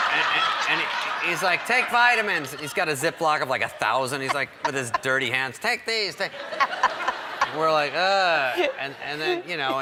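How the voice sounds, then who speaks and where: Animated man telling comic stories. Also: medium pitch, noisy background. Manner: animated, acts out quoted voices. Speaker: guest comedian. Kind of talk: comic storytelling on a talk show.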